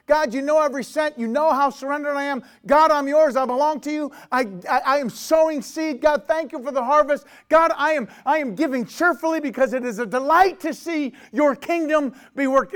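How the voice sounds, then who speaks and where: A middle-aged man preaching a sermon as pastor, swinging between booming proclamation and hushed, intense asides.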